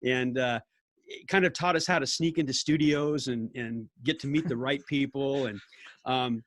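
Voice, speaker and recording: An older man, a podcast guest telling stories in an animated way, laughing and acting out what people said. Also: medium pitch, normal speed, no room sound. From California. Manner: animated storyteller, laughs often, acts out quotes. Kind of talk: casual storytelling interview.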